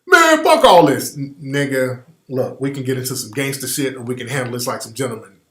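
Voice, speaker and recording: A man's voice: medium pitch, animated, a little fast, fairly bright tone, voice pushed down, natural voice. A man voicing a young boyfriend hunting for his missing girlfriend, confrontational, in a roomy room. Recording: roomy studio echo.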